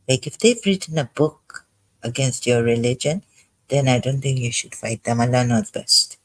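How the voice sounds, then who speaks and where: Slow, halting man commenting on scripture. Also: medium pitch, poor audio. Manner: agitated, halting, thinking aloud. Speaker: ex-Muslim commentator.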